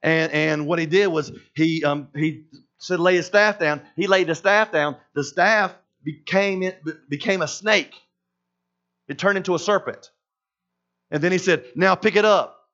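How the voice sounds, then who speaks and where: A man preaching a sermon as pastor, animated and acting out voices of the people in his story. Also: high voice, measured pace. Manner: animated, acts out voices of Moses and God. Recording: dull lo-fi sound.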